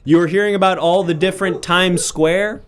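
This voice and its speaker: Brisk mock-formal host as a judge. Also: male voice, sits high, fairly even intonation, clean tone. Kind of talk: improv comedy livestream.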